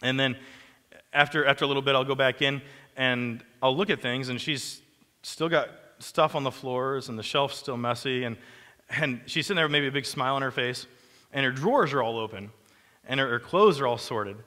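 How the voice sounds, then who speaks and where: A man's voice: mid-range voice, moderate pace, bright, forceful tone, in a large hall. A male pastor giving a sermon in a conversational way, with asides and self-corrections. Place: church sanctuary.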